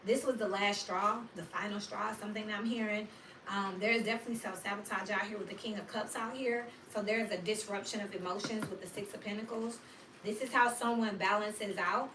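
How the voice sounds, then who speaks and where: A woman with a mid-range voice gives a casual, blunt, slangy tarot reading a little fast, cursing freely and telling stories with lots of animation. The distant mic picks up roomy echo and background noise.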